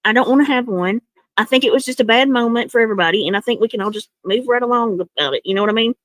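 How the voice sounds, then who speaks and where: A woman's voice: fairly high pitch, fairly bright tone, no echo. A woman on a live-stream panel who talks in a conciliatory way and keeps pushing the conversation to move on. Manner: brisk, conciliatory, pushes to move on. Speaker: panel member.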